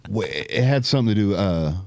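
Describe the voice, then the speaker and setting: A man co-hosting a podcast, a comedian telling a story in halting casual chat with many pauses. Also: on the low side, expressive, a little mellow, no echo. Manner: halting, hesitant storytelling with fillers.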